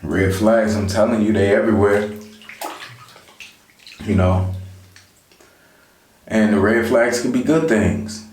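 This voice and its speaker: A man with a lowish, slightly mellow voice talks slowly and pauses often, giving casual life advice straight to his vlog viewers. He keeps saying "you know" in this conversational motivational talk, recorded in an echoey room.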